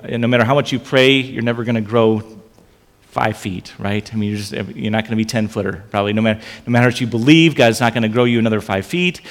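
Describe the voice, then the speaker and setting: A man's voice: mid-range voice, big-room sound. A man preaching a sermon in a conversational way, often repeating his phrases. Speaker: pastor.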